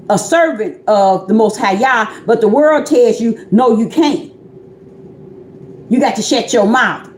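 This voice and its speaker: A woman's voice: a little high, a little mellow, echoey room, a little hiss or hum. A woman calling herself a prophetess, preaching an informal livestream sermon in a chatty, repetitive way that speaks straight to her listeners. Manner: conversational, repetitive, addresses listeners directly. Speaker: self-described prophetess preaching.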